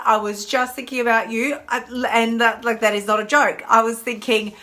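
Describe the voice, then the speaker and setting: A woman's voice: sits high, sharp tone. An Australian woman in her thirties, a chatty emotional eating coach hosting a casual live stream and greeting viewers by name.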